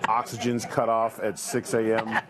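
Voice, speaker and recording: A man's voice: fairly low pitch, monotone, moderate pace, a crowd in the background. A man on a talk show panel, telling a mocking story and laughing as he goes.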